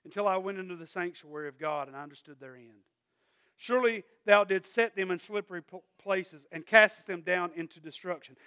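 A man preaching a sermon in a church, asking "Amen?" again and again and swinging from quiet asides to loud emphatic peaks. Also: sits high, fairly quick, smooth, no echo, clean studio sound. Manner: call-and-response preaching, repeated "Amen?". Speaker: pastor.

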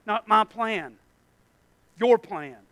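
A high-voiced man preaching a lively sermon. His tone is bright, smooth and ringing, and it drops to quiet mumbles before rising to loud cries. The sound is close and dry. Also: drawn-out words, dry recording. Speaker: pastor.

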